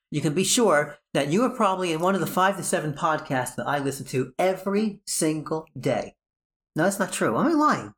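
A man's voice: a little high, very animated, moderate pace, a bit bright. A podcast host with a New York accent, chatting casually, rambling and joking as he keeps correcting himself. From New Jersey, US.

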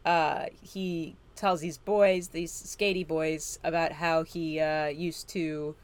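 A woman's voice: deep voice, flat delivery, takes it slowly. Rambling, giggly woman podcast co-host. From Illinois, USA. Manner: rambling and giggly, with many fillers. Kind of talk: casual podcast chat recapping a TV episode.

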